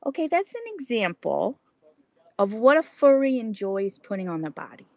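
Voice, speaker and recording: A middle-aged woman chatting theatrically into her camera, her fairly high voice leaping all over the place. She keeps restarting and filling gaps with little hesitations, and the sound is close and dry. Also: big pitch swings, normal speed, a little mellow, no room sound. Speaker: self-styled advice host. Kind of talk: casual comedic vlog monologue. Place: outdoor lunch spot in a suburb.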